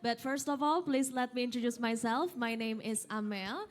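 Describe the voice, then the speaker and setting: A young Indonesian woman whose first language is Sundanese, leading an audience workshop as an instrument instructor in a lively, coaxing way, counting out and calling commands. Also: a little high, moderate pace. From West Java, Indonesia. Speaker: angklung instructor. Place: hotel event hall.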